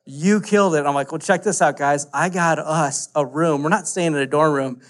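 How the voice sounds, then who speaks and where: A man, preaching a casual, animated story-driven sermon full of "like" fillers. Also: a little high, moderate pace. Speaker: pastor.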